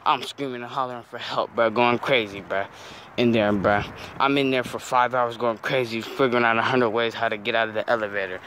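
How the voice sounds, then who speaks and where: A man's voice: medium pitch, steady tone, a little fast, a bit bright, a little hiss or hum. A teenage boy telling a story in casual slang, saying "bro" after nearly every phrase, outdoors near a street.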